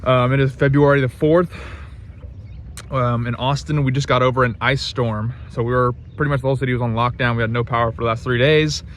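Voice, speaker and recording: A man's voice: mid-range voice, fairly even intonation, brisk, slight background noise. Laid-back man vlogging outdoors. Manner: laid-back, rambling, lots of ums. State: a bit out of breath. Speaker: pressure washing business owner. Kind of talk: casual vlog narration. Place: outdoors at a rural job site.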